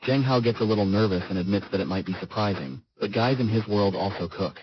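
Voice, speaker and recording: Low-voiced man narrating a comic recap. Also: quick pace, dull audio, slight background noise. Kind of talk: scripted story recap narration.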